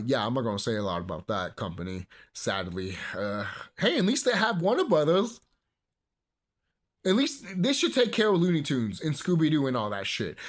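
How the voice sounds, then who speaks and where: A man in his thirties ranting casually as a movie commentary vlogger, profane and rambling, breaking into bursts of laughter. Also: a little high. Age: 30s. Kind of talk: casual rant.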